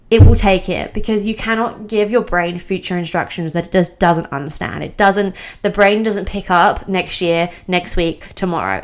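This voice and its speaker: A young woman talking straight to camera about self-improvement, bubbly and emphatic. Her voice sits at an ordinary middle pitch for a woman, and she often breaks into a laugh as she talks. It is a casual, upbeat motivational chat. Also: a bit bright.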